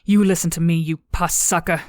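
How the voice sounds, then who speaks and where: A scornful young female cadet who speaks in cutting, contemptuous jabs, voiced by a woman narrating an audiobook. Her voice sits low and firm. The sound is dry and close to the mic. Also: fairly even intonation, moderate pace, dry recording, lightly acted.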